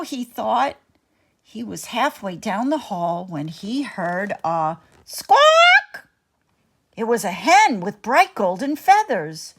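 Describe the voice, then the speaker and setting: Woman storyteller, slow and dramatic, lively pitch. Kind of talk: bedtime story narration.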